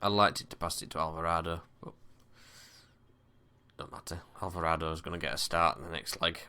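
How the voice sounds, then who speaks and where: A man casually commentating his own football management game, with excited bursts and weary sighs. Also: low-pitched, a little fast, clean tone. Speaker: gaming commentator. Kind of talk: casual let's-play commentary.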